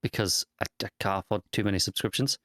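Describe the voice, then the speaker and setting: Quick-talking low-voiced male co-host. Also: fairly bright tone, dry recording, clean studio sound. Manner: quick, blunt and joking. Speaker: podcast co-host. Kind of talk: casual chat.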